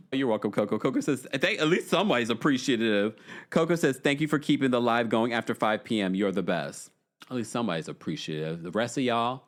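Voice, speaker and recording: A man hosting a live stream, reading super chats and answering callers in a sassy, animated way with laughing asides. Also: mid-range voice. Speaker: host. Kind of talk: live-stream chat reading fan comments.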